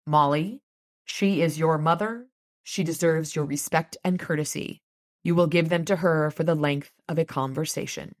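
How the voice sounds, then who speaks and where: A woman reading the lines of a calm, firm father who is a holy knight, in a measured, gentle but firm way. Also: low voice, dry recording, clean studio sound, close to an everyday voice.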